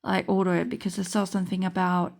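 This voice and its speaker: A woman's voice: fairly low pitch, little pitch movement, quick pace, vocal fry, a little mellow. A woman chatting casually as she opens a trading card pack, thinking aloud with many fillers and restarts. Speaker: card game vlogger. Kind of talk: casual unboxing chat.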